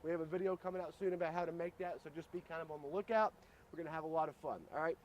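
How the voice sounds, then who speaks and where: Casual grill host, male, slightly higher voice, joking and chatty, faint outdoor noise behind. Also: fairly even intonation, rapid-fire. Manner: joking, chatty, addresses viewers as guys. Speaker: grill cooking show host. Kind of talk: casual cooking demo.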